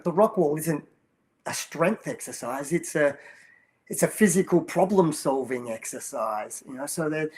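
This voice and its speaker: An older man with a somewhat high voice talks about coaching children in a casual, earnest interview. He tells stories with many restarts and little asides. His tone stays heartfelt and conversational. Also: darkish tone. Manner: storytelling, earnest, many restarts and you-knows. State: choked up while telling a story. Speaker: guest, children's movement program coach.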